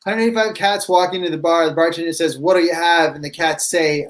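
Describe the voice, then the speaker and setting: A high-voiced man telling quick improvised bar jokes over a video call. His setups ramble a little before the punchline lands. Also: fairly even intonation, poor audio. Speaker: improv player.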